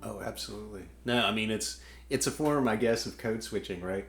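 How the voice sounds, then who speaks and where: Southern woman co-host, very low voice, easygoing and agreeable, roomy sound. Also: faint music behind. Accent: Southern American. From Alabama, US. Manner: agreeable, quick to affirm. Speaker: podcast co-host. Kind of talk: casual podcast chat.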